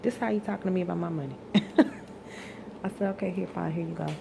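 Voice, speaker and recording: Weary low-voiced woman venting. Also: quick pace, vocal fry, noisy background. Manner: venting, exasperated, profane, rising to outbursts. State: tired. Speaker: vlogger venting. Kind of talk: emotional personal rant.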